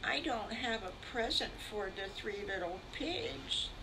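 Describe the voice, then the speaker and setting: A woman's voice: mid-range voice, lively intonation, unhurried, distant mic, background noise. An older woman voicing a small, earnest young wolf who sounds tearful and grateful.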